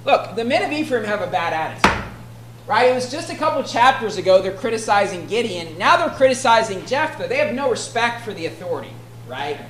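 A woman's voice: on the high side, very animated, brisk, noisy background. Conversational preacher woman in an echoey room. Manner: conversational, keeps asking "right?"; reads scripture aloud in archaic wording. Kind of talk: expository sermon. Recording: echoey room with faint ambience.

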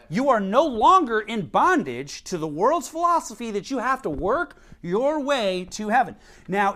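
Guy preaching, kinda high voice, talks casual like he's telling a story, laughs a bunch. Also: a bit bright. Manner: conversational preaching, laughs at his own story. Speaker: pastor. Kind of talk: sermon with a casual personal story. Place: Idaho.

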